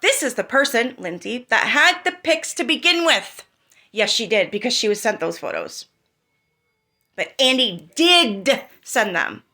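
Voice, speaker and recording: A woman's voice: fairly high pitch, big pitch swings, normal speed, bright, forceful tone. A woman hosting her own channel, talking through online drama in a heated, profane way and firing off rhetorical questions. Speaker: commentary channel host.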